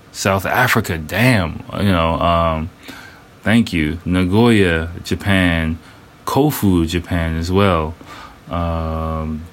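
A man in his thirties hosting a casual solo podcast, loose and rambling, full of fillers, restarts and slang. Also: sits low. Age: 30s. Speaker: podcast host.

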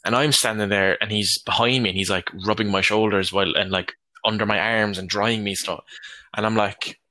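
A man's voice: fairly low pitch, fairly even intonation, a little fast, bright, forceful tone, no room sound. A young man chatting casually as a podcast co-host, telling a rambling story with swearing and laughs. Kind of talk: casual chat.

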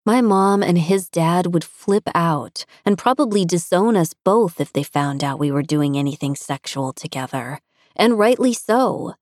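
Low-voiced woman reading an audiobook. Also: animated, measured pace, darkish tone, dry recording, clean studio sound. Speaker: audiobook narrator. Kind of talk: first-person audiobook reading.

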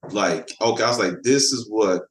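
Male comic writer, podcast guest, casual and halting, somewhat low voice, roomy echo. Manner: repeats words while finding his thought. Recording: echoey room.

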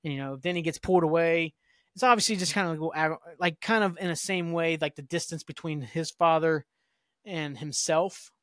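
A man's voice: fairly high pitch, moderate pace, fairly bright tone, no echo, studio quality. A man hosting a podcast, giving a loose, rambling recap with lots of fillers and the odd curse word. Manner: loose, filler-heavy, with occasional cursing. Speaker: podcast host. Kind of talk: casual rambling episode recap.

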